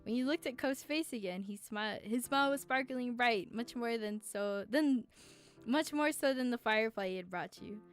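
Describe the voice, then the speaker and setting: A woman's voice: fairly high pitch, moderate pace, faint music behind. A young woman streaming a romance game, reading its text aloud and reacting with teary emotion and casual swearing.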